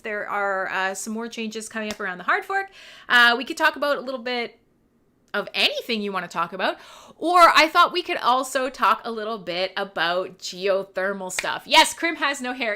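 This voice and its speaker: A woman hosting a live online radio show, chatting casually and telling animated stories while reading viewer comments. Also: a little high. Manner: rambling, animated storytelling, reads chat aloud. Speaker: livestream radio host. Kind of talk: casual livestream chat.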